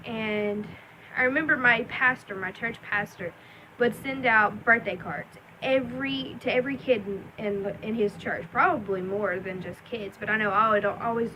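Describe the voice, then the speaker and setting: A woman's voice: fairly high pitch, moderate pace, pushed and bright, slight background noise, low-quality recording. A young adult woman telling a personal story in a rambling, chatty vlog with many ums and likes. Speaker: vlogger.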